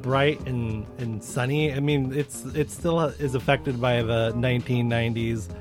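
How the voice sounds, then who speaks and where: A man's voice: mid-range voice, fairly even intonation, measured pace. A young man co-hosting a podcast, talking casually with many fillers and restarts. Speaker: podcast co-host. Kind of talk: casual chat. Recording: faint music underneath.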